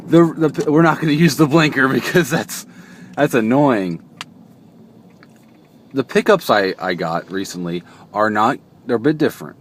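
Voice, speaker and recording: A young man vlogging from behind the wheel, chatting casually and joking, into a phone stuck to the car window. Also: fairly low pitch. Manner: rambling, joking, self-interrupting. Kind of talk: casual chat to camera. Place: inside a car, driving. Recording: road noise inside a car.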